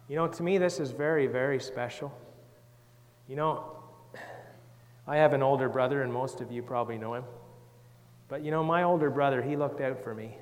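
Gentle man teaching children in a hall. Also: medium pitch, normal speed, long pauses. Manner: gentle, reads scripture aloud, asks the children questions. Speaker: children's Sunday school teacher. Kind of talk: children's Bible talk.

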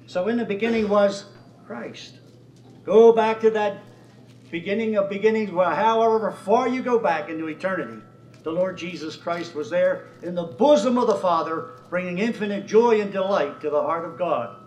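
A man's voice: fairly high pitch, lively intonation, moderate pace. A man teaching at a Bible study, earnestly expounding scripture. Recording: roomy sound, far from the mic.

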